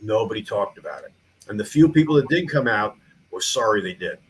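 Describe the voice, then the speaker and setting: Rambling, animated middle-aged man. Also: on the low side, a little fast, slight background noise, rough recording. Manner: rambling, animated, frequent restarts and fillers. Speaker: guest, small-town mayor and museum founder. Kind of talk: casual interview storytelling.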